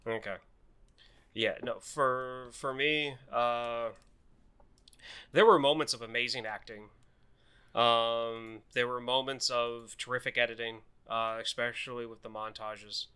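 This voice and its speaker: A man's voice: medium pitch, steady tone, measured pace, sharp tone, clear, resonant tone. A man co-hosting a casual movie podcast, rambling through his review with many fillers and restarts. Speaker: podcast co-host.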